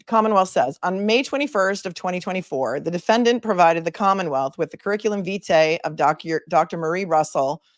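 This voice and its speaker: A woman attorney hosts a casual legal livestream with a somewhat low voice. She talks in an animated, emphatic way and piles up her points in lists. The sound is dry and close, with no room in it. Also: a little fast, hardly any pauses, dry recording. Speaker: attorney and show host.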